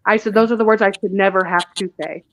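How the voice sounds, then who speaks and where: A woman being interviewed about her missing daughter, speaking haltingly and often restarting her words. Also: mid-range voice, steady tone, dry recording, poor audio. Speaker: guest, mother of a missing child. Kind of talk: emotional interview recounting events.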